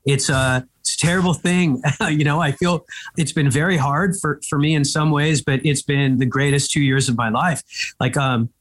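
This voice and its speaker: A slightly high, husky male voice tells an animated story as a comedian guest in an interview. He grew up in Egypt and throws in quick asides as he talks.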